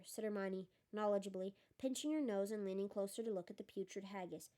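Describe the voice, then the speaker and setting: A woman reads a story aloud in a soft, mellow voice. She is not a polished narrator and breaks off now and then to chat about what she has just read. Her pitch sits in an ordinary middle range. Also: a little fast, few pauses. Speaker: reader. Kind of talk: audiobook reading with asides.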